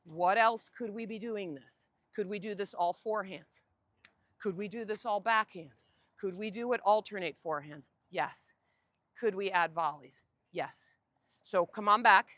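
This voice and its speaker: A woman coaching a group on an outdoor tennis court, giving lively directions and asking the group questions. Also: medium pitch, measured pace, no echo.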